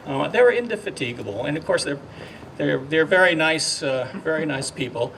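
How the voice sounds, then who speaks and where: A man's voice: on the high side, expressive, a bit bright. Older man, ceremonial speaker, stumbling but earnest, distant mic with faint outdoor hum. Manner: halting, heartfelt, many fillers and restarts. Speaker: speaker at a memorial dedication. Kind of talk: ceremonial speech.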